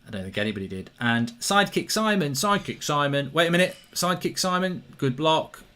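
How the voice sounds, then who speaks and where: A man's voice: fairly high pitch, animated, fairly quick, sharp tone. A man hosting a live football watchalong, chatting casually, reading out viewer comments, with frequent ums and restarts.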